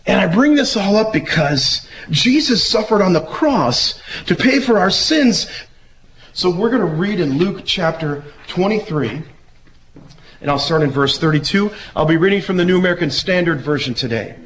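A man giving a relaxed, conversational sermon who acts out the voices he quotes. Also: sits high, moderate pace, slight background noise, rough recording. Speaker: preacher. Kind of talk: casual sermon.

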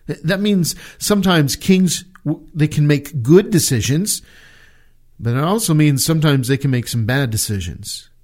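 A man from the United States delivers a sermon in a slightly high voice. He speaks earnestly, often restarting and repeating words. He slows down to press his key points home. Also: lively intonation, a little mellow. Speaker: pastor.

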